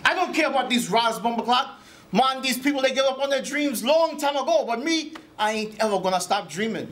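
A man doing an excitable immigrant dishwasher. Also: extremely high pitch, a little fast. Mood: storytelling. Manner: broken English, excitable. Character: earnest immigrant dishwasher man, wide-eyed, bewildered.

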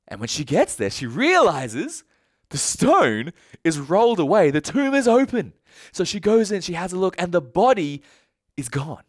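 A man preaching a sermon as pastor, telling the story with lively flair and acting out what the people in it say. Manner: animated storytelling, acting out quotes with big swings in pitch and volume. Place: church hall.

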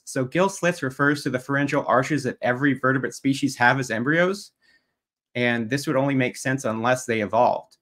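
A man's voice: medium pitch, a bit bright. A man giving a debate opening statement, working methodically through prepared slides and making pointed jabs at his opponent.

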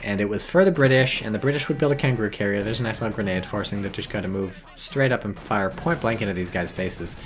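Low-voiced, profane gaming streamer. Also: male voice, fast talker, hardly any pauses. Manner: rambling, profane and sardonic; reads chat messages aloud. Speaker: game streamer. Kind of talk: casual live-stream commentary.

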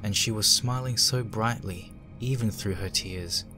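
Deep man, dramatic horror narration, hushed, soft music. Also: a little slow. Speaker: fanfic reader.

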